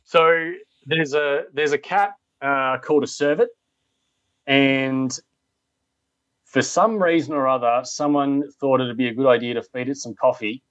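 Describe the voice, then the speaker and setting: A man's voice: mid-range voice, unhurried, a bit bright, dry recording, highs cut off. A man, a zookeeper guest on a podcast, crude and rambling with many restarts. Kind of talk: casual podcast chat.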